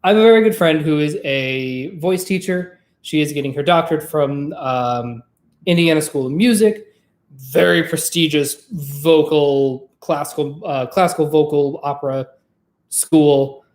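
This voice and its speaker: A vlog host and trained former opera singer, chatting casually to camera in a rambling, profane, lively way. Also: medium pitch, measured pace, echoey room.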